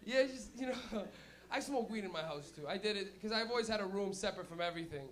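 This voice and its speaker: A young man hosting a comedy night and doing stand-up, loud and animated with lots of swearing. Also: high voice, fast talker, hardly any pauses. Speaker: comedian and show host.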